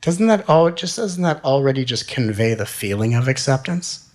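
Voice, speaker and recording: A man giving a spiritual talk, gentle and soothing, with slow repeated phrases. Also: medium pitch, expressive. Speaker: spiritual teacher.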